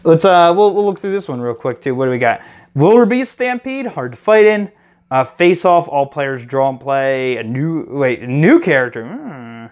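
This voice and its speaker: A man hosting a casual card game review, reading cards aloud with excited reactions. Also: on the high side, moderate pace. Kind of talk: casual chat.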